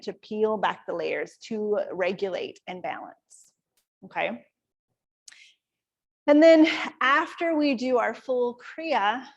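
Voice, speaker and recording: A woman from Iowa, a kundalini yoga teacher, calmly explaining breathing and practice to a class in a conversational way. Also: medium pitch. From Iowa, USA. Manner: calm, conversational, explaining step by step. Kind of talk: guided yoga class instruction.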